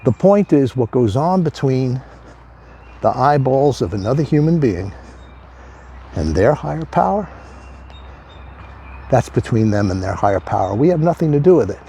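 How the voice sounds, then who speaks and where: A man's voice: mid-range voice, sing-song, moderate pace, pauses often, warm tone, slight background noise. A man giving a motivational talk on addiction recovery, conversational and emphatic, repeating key phrases.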